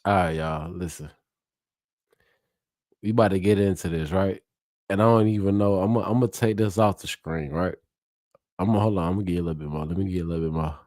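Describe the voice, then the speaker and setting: Low-voiced guy hosting a live reaction stream, hyped and chatty, swears a lot, dry close sound. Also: fairly even intonation, fairly quick, pauses often, a little mellow, no room sound. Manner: hyped and chatty, laughs often, swears freely. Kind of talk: casual live reaction commentary.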